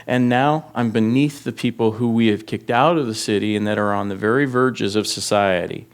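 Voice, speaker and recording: A man's voice: fairly low pitch, normal speed, smooth. A pastor teaching through scripture in a sermon, reading passages aloud and rising in intensity as he voices the text's laments. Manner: reads scripture aloud with rising intensity, speaks plainly to the congregation. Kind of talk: expository sermon.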